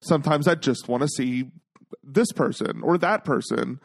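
A man's voice: medium pitch, moderate pace, creaky. A man co-hosting a podcast in casual chat, giving sassy, blunt opinions. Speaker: podcast co-host.

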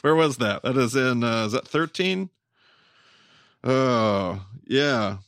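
A man's voice: mid-range voice, lively intonation, slow pace, a bit bright, no room sound, studio quality. A man hosting a podcast, thinking aloud in a casual Bible study discussion, searching for words and restarting phrases. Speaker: podcast host.

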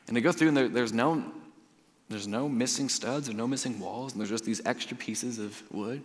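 A male pastor preaching a sermon in a church auditorium, talking in a lively, conversational way and swinging from loud to hushed. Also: mid-range voice, quick pace. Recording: long reverb of a large hall.

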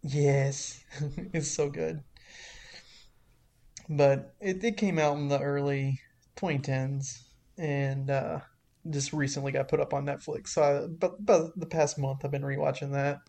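A slightly high-pitched man co-hosting a relaxed podcast. He talks in an easygoing, even way with very little rise and fall, often just giving short replies. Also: measured pace, gravelly. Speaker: podcast co-host. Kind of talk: casual chat.

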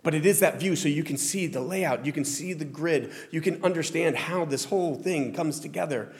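A man's voice: a little high, normal speed. A male pastor with a Southern American accent giving a conversational, self-deprecating sermon in a church sanctuary. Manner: conversational, self-deprecating preaching with frequent restarts. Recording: long hall reverb.

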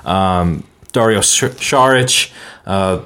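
Low male voice, relaxed co-host reading mailbag questions. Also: takes it slowly, clean tone. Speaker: podcast co-host reading listener mail. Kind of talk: casual sports podcast chat.

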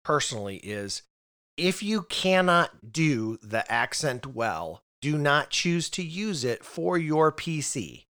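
A man's voice: fairly high pitch, sing-song, slow, a bit bright. A man co-hosting a casual podcast chat about role-playing games, often restarting and repeating words as he thinks aloud. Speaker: podcast co-host.

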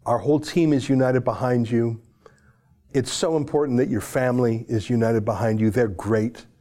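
A man speaks as a show host with a mellow, dark timbre. His commentary is fervent and pleading. He moves between forceful declarations and quiet, almost whispered lines. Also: mid-range voice, fairly even intonation, normal speed. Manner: emotional, pleading, swings from loud to hushed. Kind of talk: impassioned commentary.

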